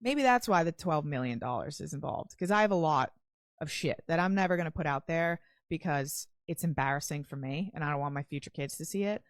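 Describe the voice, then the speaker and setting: Young woman, low-pitched, rambling casual storytelling, lots of "like" and swearing, dry close recording. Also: expressive, fairly quick, no echo. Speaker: podcast guest.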